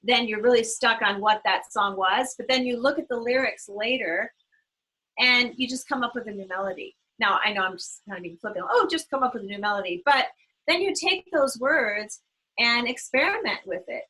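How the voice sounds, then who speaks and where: Bright, chatty woman on a panel. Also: a little high, normal speed, low-quality recording. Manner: chatty, rambling, restarts her phrases. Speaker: solo artist, panelist. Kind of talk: webinar talk. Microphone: video call.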